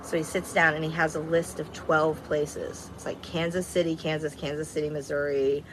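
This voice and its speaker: A woman's voice: sits low, level tone, moderate pace, noisy background. A woman casually telling a personal story, blunt and candid, swearing freely and rambling. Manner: rambling, repeats herself.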